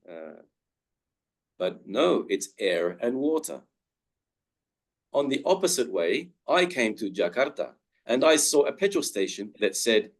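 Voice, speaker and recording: A young man gives a webinar lecture on pronunciation. His voice sits fairly low, and he speaks very slowly and deliberately, saying each example word out loud. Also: very animated. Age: young adult. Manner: slow, deliberate, modelling each word aloud. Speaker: guest speaker teaching pronunciation.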